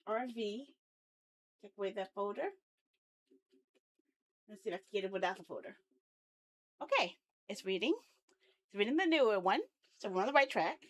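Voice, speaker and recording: A woman's voice: medium pitch, expressive, normal speed, pauses often. A woman live streaming as she works on her site, muttering to herself, swearing and repeating herself. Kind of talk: casual live stream while coding.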